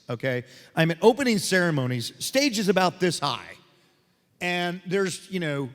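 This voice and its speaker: A man telling jokey stories and taking audience questions at a convention panel, acting out the voices in his stories. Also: a little high. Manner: animated, joking storyteller who acts out quoted voices. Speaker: voice actor convention panel guest. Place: convention panel room on a stage. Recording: reverberant hall.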